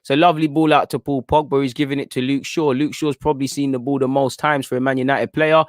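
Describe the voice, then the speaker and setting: Talking fast with little pitch movement in a mid-range voice, a young man hosts a football watchalong stream, chatting live as a fan and pleading with the players and referee during play. Studio quality, with no room sound.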